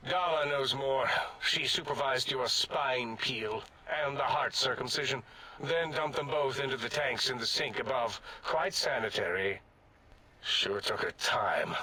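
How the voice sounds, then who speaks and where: An actor playing an eccentric, rambling male scientist in a video game, pompous and prone to contradicting himself, with a husky voice. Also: mid-range voice, sharp tone. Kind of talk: game character dialogue.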